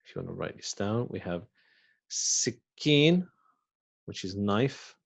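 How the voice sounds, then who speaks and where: A man with a low-pitched voice teaches a beginners' Arabic lesson. He speaks slowly and patiently, repeating each word and then giving its meaning. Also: animated, vocal fry. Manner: slow and patient, repeats words and translates them. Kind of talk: recorded language lesson.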